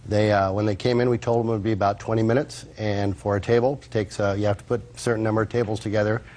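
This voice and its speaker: A man with a fairly low voice testifies as a witness in a courtroom. He lays out what happened at his restaurant matter-of-factly, though he hesitates often with fillers. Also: flat delivery, quick pace, darkish tone. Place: courtroom set.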